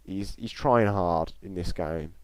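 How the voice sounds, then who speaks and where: A man with a fairly low voice talks casually and bluntly as he hosts a live football reaction stream. He gives his opinions plainly and talks straight to the people watching. The sound is close and dry, with no room echo. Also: takes it slowly, darkish tone, smooth.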